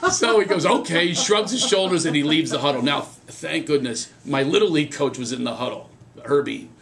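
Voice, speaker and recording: A man's voice: on the high side, brisk, gravelly. A middle-aged male comedian telling a story as a radio guest, laughing and acting out the voices of the people in it. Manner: animated, laughing storyteller who acts out voices. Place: radio studio. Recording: radio broadcast with audible studio crowd.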